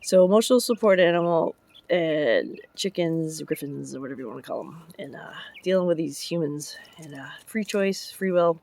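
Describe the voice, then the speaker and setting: Her voice is low, creaky, and darkish, at a moderate pace, captured in a dry recording. She's a vlogger who also drives trucks for public works, and she rambles casually about her chickens and dump-truck job, jumping topics and laughing often.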